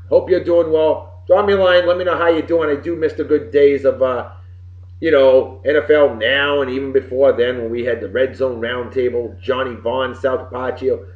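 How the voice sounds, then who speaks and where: A middle-aged man hosting a web show from home, giving casual birthday shout-outs in a boisterous, folksy, wisecracking way with some swearing. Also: a little high. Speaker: show host. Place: home room with computer behind him. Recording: roomy, dull lo-fi webcam audio.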